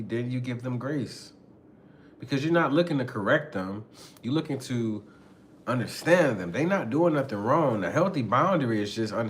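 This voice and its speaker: A man's voice: medium pitch, a little hiss or hum. Slangy laughing man giving advice. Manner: loose slangy talk, frequent laughter and profanity. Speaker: podcast host. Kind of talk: casual relationship advice talk.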